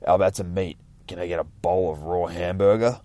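A man reading a comic aloud and voicing a menacing, huge male brute who sneers out slow, low threats. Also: fairly even intonation, dark tone, no room sound, natural voice. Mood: surly.

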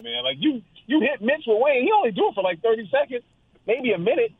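An amateur boxer phones in as a guest, his extremely high, sing-song voice coming fast through a tinny line with slight background noise. He chats casually and wanders through long, rambling stories.

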